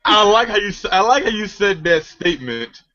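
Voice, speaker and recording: A man's voice: high-pitched, big pitch swings, fairly quick, bright, forceful tone, dull audio. A man co-hosting a podcast, joking and swearing in casual chat. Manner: joking, swearing, laughs a lot. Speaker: podcast co-host.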